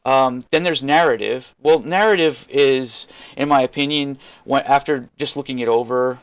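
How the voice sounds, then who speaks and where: A man's voice: medium pitch, moderate pace, smooth. A man ranting to camera as a vlogger, frustrated and swearing constantly, rambling with many restarts. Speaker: crypto vlogger. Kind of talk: unscripted rant to camera.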